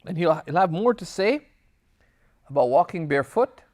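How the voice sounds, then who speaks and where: A man with a voice on the high side speaks at a normal speed while teaching a religious class, recorded as a lecture. The Islamic teacher reads Arabic passages, explains them in English, and shares personal stories. He is lively, moving between the Arabic text and his English explanation, and acts out bits of dialogue as he tells anecdotes.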